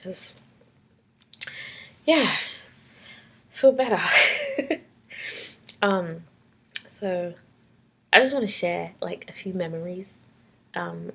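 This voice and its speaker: A young woman with a London accent, telling personal memories in a casual vlog, tearful and laughing by turns. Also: on the low side. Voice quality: husky and gravelly. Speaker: vlogger. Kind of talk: emotional personal storytelling.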